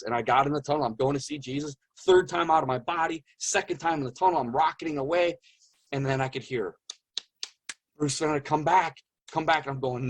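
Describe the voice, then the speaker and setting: A middle-aged man earnestly recounting a personal story in an interview, repeating phrases for emphasis and dropping to a hush at intense moments. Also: fairly high pitch, moderate pace, husky. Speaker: guest telling his near-death experience.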